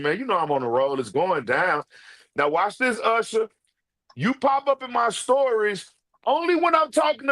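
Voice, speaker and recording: A man's voice: very high voice, fairly bright tone. A man giving casual ranting commentary, brash and profane, calling people out directly. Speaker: online commentator.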